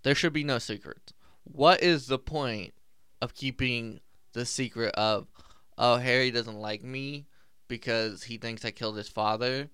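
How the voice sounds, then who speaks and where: A man in casual chat about a movie, animated, often laughing and acting out lines. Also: mid-range voice, unhurried, clean tone, no echo, clean studio sound. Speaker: movie discussion co-host.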